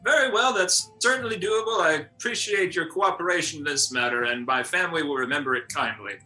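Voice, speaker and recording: A man voicing a composed, aloof nobleman in a tabletop game, speaking in a formal, measured way. His tone is very bright and keen, pitched a little above the usual male range. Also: faint music behind, rough recording. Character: haughty disguised male noble.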